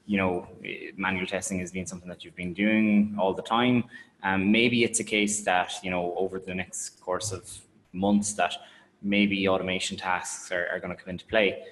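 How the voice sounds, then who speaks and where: A man co-presenting a software webinar, speaking in a measured, hedging way with frequent fillers. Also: low-pitched, level tone, a little hiss or hum, low-quality recording. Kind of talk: webinar talk.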